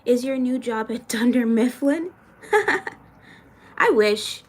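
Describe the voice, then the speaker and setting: A woman's voice: fairly high pitch, slow pace, a little mellow. A young woman from Florida chatting casually on a live stream, reading viewer comments aloud and venting frankly with plenty of swearing. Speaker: livestreamer answering chat.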